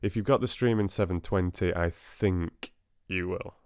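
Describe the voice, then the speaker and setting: A man's voice: deep voice, normal speed, a little mellow, clear, resonant tone, no echo, clean studio sound. A man hosting a live reading stream, chatting casually and hesitantly with many fillers.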